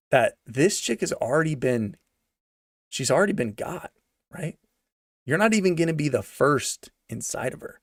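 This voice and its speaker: This is a young man's sarcastic, slang-filled movie review rant, where he keeps repeating himself for emphasis. His voice is fairly high, and the recording is dry and studio-clean.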